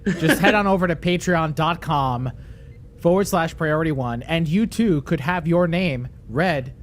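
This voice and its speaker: A man hosting a live podcast, reading the closing announcements in a brisk, loose way. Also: a little high, a little hiss or hum. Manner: brisk, loose, goes off script. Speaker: podcast host. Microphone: video call.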